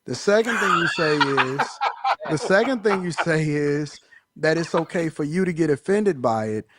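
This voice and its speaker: A man in a casual podcast debate, calmly questioning and paraphrasing the other speaker to challenge him. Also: on the high side. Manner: probing, measured, paraphrases and challenges.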